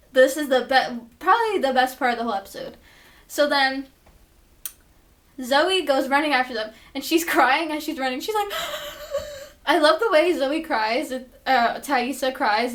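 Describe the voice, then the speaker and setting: A woman's voice: high-pitched, a bit bright. A woman recapping a TV episode in a casual, gushing way, swearing a lot and saying "like" often. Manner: gushing and profane, lots of "like" fillers. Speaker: vlogger reviewing a TV episode.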